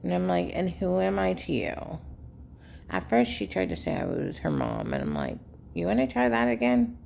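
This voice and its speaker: A woman telling viewers a rambling family story in a casual, unhurried way with many fillers. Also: rumbling low, wildly swooping pitch, creaky, a little mellow, slight background noise. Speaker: vlogger, caregiver daughter.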